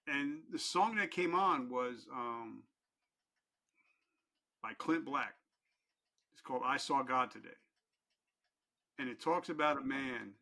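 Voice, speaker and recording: A man's voice: mid-range voice, bright, forceful tone. A middle-aged man telling his personal story as a podcast guest, candid and earnest, with blunt, casual language.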